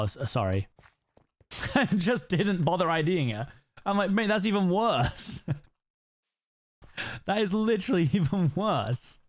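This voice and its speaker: A British man streaming, chatting casually while he plays and telling rambling stories from his life. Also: high-pitched. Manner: rambling storyteller, peppers talk with "like" and "right?". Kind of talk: casual chat while playing a game.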